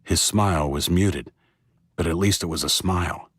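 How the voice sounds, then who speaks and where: A man narrating a first-person audiobook in a plain, steady storytelling voice. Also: low voice, normal speed, husky, no echo, studio quality.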